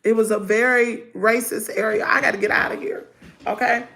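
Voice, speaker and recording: A middle-aged woman, telling her viewers a story in a lively storytime chat. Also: a little high, a little fast, vocal fry, noisy background. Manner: animated, talks to viewers as y'all. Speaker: vlogger.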